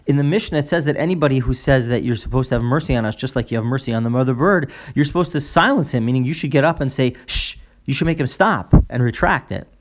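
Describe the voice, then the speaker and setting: A man's voice: mid-range voice, rapid-fire, hardly any pauses. Man teaching a Talmud class, explaining. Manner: explanatory, with frequent fillers and restarts. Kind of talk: spoken Talmud lesson, translating aloud.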